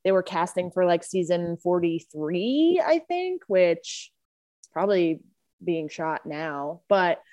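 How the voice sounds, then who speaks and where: A woman's voice: fairly low pitch, big pitch swings, slow, darkish tone. A woman chatting on a podcast in a laid-back, self-deprecating way. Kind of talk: casual podcast chat.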